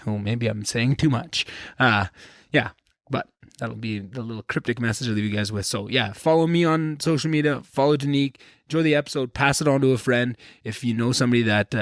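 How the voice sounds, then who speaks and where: A man's voice: fairly low pitch, no room sound. Easygoing male podcast host, dry sound. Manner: easygoing, rambling, self-deprecating. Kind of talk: casual podcast intro and interview.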